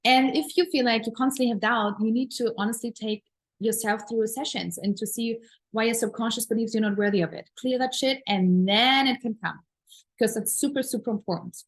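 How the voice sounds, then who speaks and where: A woman's voice: fairly high pitch, fairly even intonation, a little fast, poor audio. Woman teaching manifestation with gushing enthusiasm. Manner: earnest, repetitive, emphatic affirmations; enthusiastic, gushing about pleasure and gratitude. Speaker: manifestation coach. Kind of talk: spiritual teaching talk.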